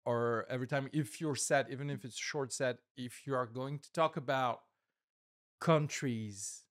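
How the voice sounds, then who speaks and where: A man, a comedian, reflecting in a casual podcast chat, measured and filling pauses with "like" and "uh". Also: mid-range voice, no room sound, studio quality. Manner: reflective, measured, with many fillers.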